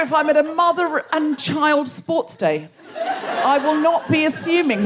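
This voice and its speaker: A woman's voice: high-pitched, animated, a little slow, background noise. An Australian woman hosting a live comedy podcast, laughing and riffing with the audience from a theatre stage. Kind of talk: live stand-up crowd work.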